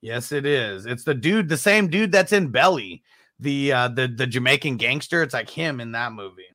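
A man with a bright, forward voice, recorded close and dry with no room sound. He talks in an easy, profane way and reads out comments from the chat. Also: medium pitch, lively intonation, moderate pace, dry recording. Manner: laid-back, heavy swearing, reads out viewer comments. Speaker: podcast host reading chat comments. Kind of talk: casual chat.

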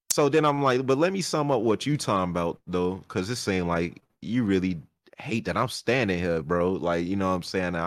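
Profane animated man telling a story. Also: sits low. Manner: animated, profane, retells a heated argument. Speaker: podcast host. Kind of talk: casual storytelling chat.

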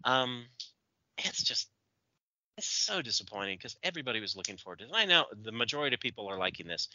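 A man's voice: mid-range voice, big pitch swings, fast talker, sharp tone, dry recording, lo-fi sound. A man co-hosting a podcast in casual chat, opinionated and ranting. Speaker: podcast co-host.

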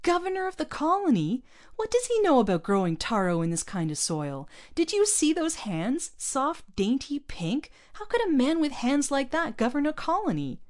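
A woman reading aloud, voicing an angry male colonist farmer who shouts his defiance in a raised, heated voice. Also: mid-range voice, moderate pace, pitched above the performer's own voice, natural voice. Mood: outraged.

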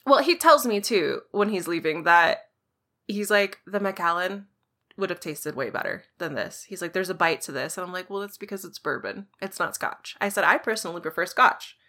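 A woman co-hosting a podcast, telling a story in casual chat and acting out the quoted dialogue in an animated way. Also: on the low side, moderate pace. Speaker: podcast co-host.

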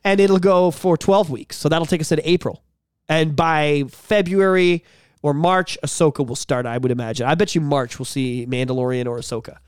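Excitable swearing podcast host, dry close sound. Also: male voice, a little high, moderate pace, clear, resonant tone, dry recording. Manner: swears freely, impersonates characters. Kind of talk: casual chat.

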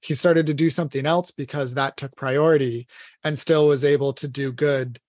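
A man's voice: mid-range voice, fairly even intonation, moderate pace, a little mellow, no echo. An earnest man talks through faith and everyday life in a casual, conversational way, dropping plenty of fillers. His voice is recorded close and dry, with no room sound. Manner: earnest, retells scripture conversationally with many fillers. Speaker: podcast co-host.

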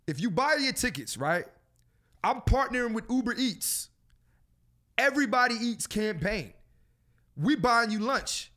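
A man's voice: high-pitched, fairly bright tone. A man hosting a casual podcast, talking in a profane, preachy and joking way. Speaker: podcast host.

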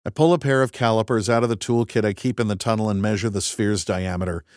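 A male narrator reading a first-person story with a low voice and a wry, methodical delivery. The recording is dry and close, with no room sound. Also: steady tone, quick pace, a little mellow, no echo. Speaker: audiobook narrator.

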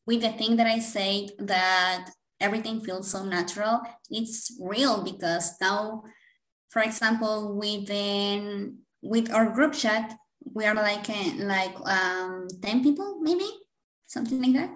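A woman's voice: mid-range voice, measured pace, fairly bright tone. Emotional, rambling woman in an echoey room. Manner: emotional, rambling, laughs often. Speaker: podcast co-host. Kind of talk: casual chat.

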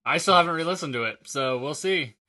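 A man co-hosting a podcast, making wry deadpan asides in casual chat. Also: fairly high pitch, brisk, dry recording. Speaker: podcast co-host.

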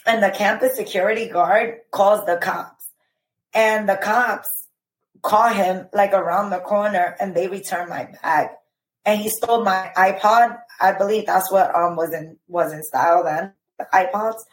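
A woman telling a painful personal story as a podcast guest, emotional and halting, with many fillers. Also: medium pitch, fairly even intonation, echoey room, rough recording.

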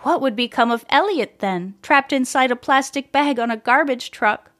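Gentle woman reading a storybook. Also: high-pitched, moderate pace. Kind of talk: storybook narration read aloud.

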